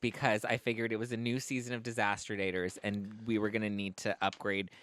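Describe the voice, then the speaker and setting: A man's voice: lowish voice, little pitch movement, fairly quick, a bit bright. A man co-hosting a podcast in a studio, playful and teasing in casual chat. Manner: playful, teasing, presents products. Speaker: podcast co-host.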